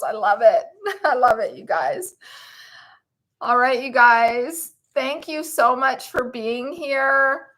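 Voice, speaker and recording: A woman hosting a casual live stream, reading comments from the chat and talking in a warm, gushing, emotional way, at times choked up. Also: high voice, slow. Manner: reads viewer comments aloud to the chat.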